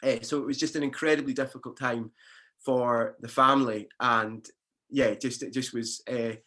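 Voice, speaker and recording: A man delivering a sermon as a pastor in an easy, conversational manner. He often restarts his phrases and fills pauses. His voice is bright and forward. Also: medium pitch, steady tone.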